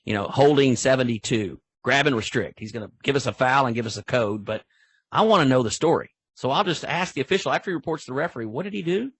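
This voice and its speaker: An older football official, appearing as a guest speaker in an online training talk, tells stories in a folksy, rambling way with many restarts. His medium-pitched voice is a bit bright with a breathy edge, fast and lively in intonation, with no echo.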